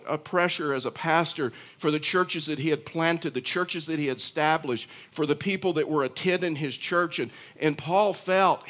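A man's voice: fairly high pitch, fairly bright tone. A pastor preaching an earnest sermon, often repeating and restarting his phrases.

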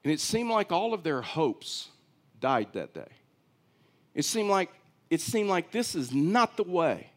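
Male pastor, fairly high voice, animated preaching with repetition. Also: a little slow. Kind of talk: sermon.

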